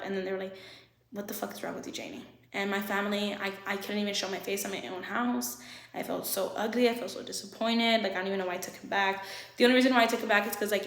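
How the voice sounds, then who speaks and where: A young woman telling a candid, profane storytime about a past relationship, talking fast and getting emotional as a vlogger. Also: mid-range voice, fairly bright tone. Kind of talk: storytime vlog. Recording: echoey room.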